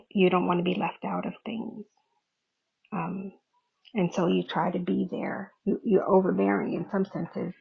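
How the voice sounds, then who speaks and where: A middle-aged woman with a fairly low, gravelly, slightly rough voice hosts a podcast. She gets candid about her own emotions, laughs frequently and swears in a casual way, all on a dull lo-fi recording.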